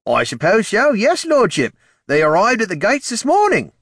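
A man's voice: sits high, huge pitch swings, moderate pace, a bit bright, no echo, studio quality, pitched above the performer's own voice, heavily acted. A man voicing a startled, loyal, middle-aged male soldier who answers in a proud, respectful way, in a fantasy audiobook.

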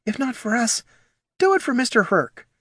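A man voicing a poor, proud female gnoll mother who speaks softly and pleads, in a storybook reading. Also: extremely high pitch, very animated, moderate pace, no room sound, studio quality, pitched above the performer's own voice, full character voice. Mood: pleading.

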